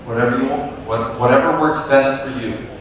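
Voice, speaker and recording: A man leading a teacher workshop, speaking in a relaxed, encouraging way and taking questions from the audience. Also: medium pitch, moderate pace. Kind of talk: conversational lecture with audience questions. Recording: echoey hall from far off, faint noise.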